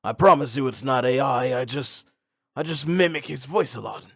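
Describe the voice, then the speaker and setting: A man's voice: medium pitch, lively intonation, quick pace, vocal fry, dry recording, studio quality. A young man hosting a casual reaction commentary, rambling and laid-back, tossing in "bro" as he talks. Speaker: host.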